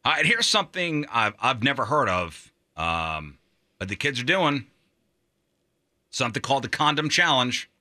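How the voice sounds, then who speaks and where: Male radio host, mid pitch, bright and dry, casual joking delivery of odd news. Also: big pitch swings, moderate pace, no room sound. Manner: jokey, laughs while telling stories.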